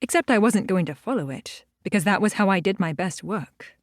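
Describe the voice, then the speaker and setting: A woman's voice: mid-range voice, animated, brisk, dry recording, clean studio sound. Woman narrating a wry first-person audiobook.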